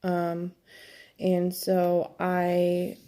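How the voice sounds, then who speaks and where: A young woman talking candidly to her viewers in a personal vlog, reflective and halting, with many fillers. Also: on the low side, completely flat delivery, warm tone. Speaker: vlogger.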